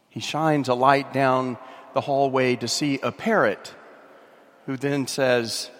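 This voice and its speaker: A man, a pastor delivering a sermon in a measured, wry way. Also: medium pitch, fairly even intonation. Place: large church sanctuary. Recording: long church reverb.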